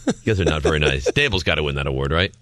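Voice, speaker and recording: A man hosting a sports radio show in a studio, laughing often and getting excited. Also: a bass voice, rapid-fire, no echo.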